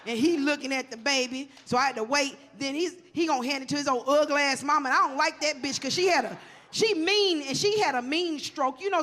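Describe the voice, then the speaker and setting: Forties woman comic on a stage; profane, animated storyteller with a bright, forceful voice. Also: high-pitched. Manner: profane, animated, talks straight to the audience. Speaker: stand-up comedian. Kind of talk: stand-up comedy storytelling.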